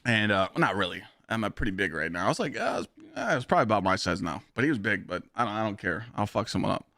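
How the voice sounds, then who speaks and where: A young man streaming games, telling stories to his chat in a blunt, profane, animated way. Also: fairly low pitch, fast, no room sound, clean studio sound. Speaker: game streamer. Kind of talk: casual live-stream storytelling.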